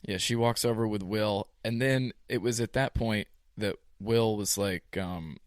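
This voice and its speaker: A young man co-hosting a podcast, telling a story in a casual, animated way. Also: on the low side, measured pace, no room sound, studio quality. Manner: storytelling, animated retelling with baseball metaphors. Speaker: podcast co-host. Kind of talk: casual chat. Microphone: podcast microphone.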